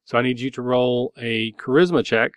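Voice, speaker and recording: A man's voice: medium pitch, moderate pace, no echo. Guy running a tabletop game, lots of "like" and "you know", totally dry close recording. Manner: loose and rambling, many fillers. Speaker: game master.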